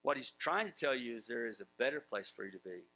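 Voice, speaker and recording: A man's voice: mid-range voice, animated, fast, pushed and bright, slight background noise, rough recording. A man preaching a sermon in a conversational way, acting out biblical voices and chuckling as he goes. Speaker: pastor.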